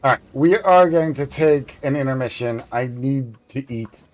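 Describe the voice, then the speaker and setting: A man's voice: mid-range voice, normal speed, a little mellow. A man casually chatting and rambling while livestreaming a video game, laughing now and then. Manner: rambling, easygoing, laughs often. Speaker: game streamer.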